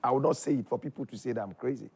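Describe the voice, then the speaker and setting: A man with a Ghanaian accent telling his story in casual chat, animated, his voice jumping up when excited. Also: mid-range voice, rapid-fire, gravelly, husky. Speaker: guest.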